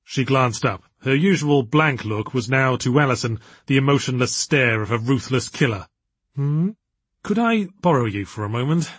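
A man narrating an audiobook story in measured storytelling tones with a husky voice. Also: mid-range voice, fairly bright tone, no room sound.

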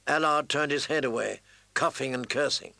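A man reading fantasy fiction aloud in measured, deliberate scripted narration. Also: mid-range voice, creaky, sharp tone, no echo, poor audio. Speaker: audiobook narrator.

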